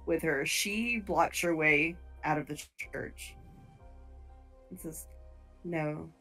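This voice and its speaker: A woman's voice: deep voice, takes it slowly, bright, forceful tone, soft background music. Woman game master narrating. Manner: descriptive, with fillers and restarts. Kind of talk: narrating a tabletop horror game.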